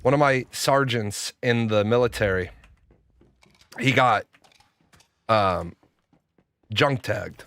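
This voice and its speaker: A man's voice: on the low side, takes it slowly, pauses often, fairly bright tone, dry recording. A young adult man streaming a game, telling stories in casual, profane chat with frequent stammers and restarts. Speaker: gaming streamer.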